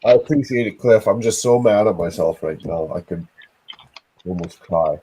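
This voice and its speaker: A man's voice: deep voice, normal speed, warm tone, slightly rough, low-quality recording. A man hosting a casual livestream, scolding himself with groans and frequent swearing. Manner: self-reproaching, groaning, swears often. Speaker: livestream host.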